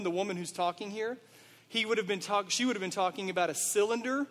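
A man's voice: high voice, in a large hall. A man, a pastor, preaching a sermon in a conversational way, asking his listeners rhetorical questions.

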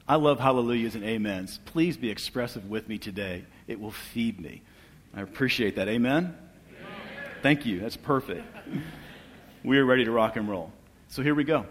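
A middle-aged man giving an earnest church testimony, asking for amens and dropping soft and low at tender moments. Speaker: guest speaker sharing testimony. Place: church hall. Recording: long reverb of a large hall.

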